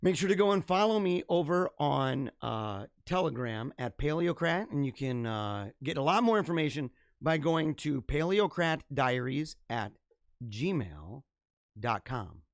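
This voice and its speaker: A man hosting his own livestream show, signing off in an energetic, rambling, chatty way, his voice a little hoarse. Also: a little high, measured pace, dry recording, studio quality. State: slightly hoarse. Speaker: podcast host. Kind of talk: casual livestream sign-off.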